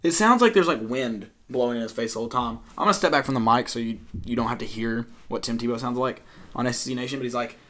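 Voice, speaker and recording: A man's voice: medium pitch, fast. Young male co-host, casual rambling sports talk, filler-heavy. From Tennessee, US. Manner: rambling, many fillers, mock-yells impressions. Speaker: podcast co-host.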